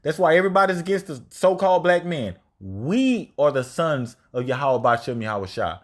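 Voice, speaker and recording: A man's voice: fairly high pitch, sing-song, moderate pace. A man teaching scripture informally, reading verses aloud and then paraphrasing them in casual, slangy, emphatic speech. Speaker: religious teacher.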